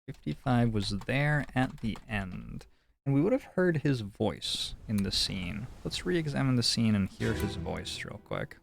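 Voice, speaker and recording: A man with a gravelly, creaky voice comments on a detective game he is streaming, talking slowly and joking as he goes. His pitch rises and falls a lot, and faint game music plays behind him. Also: very animated. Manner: playful, jokey musing aloud. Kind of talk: casual gameplay commentary.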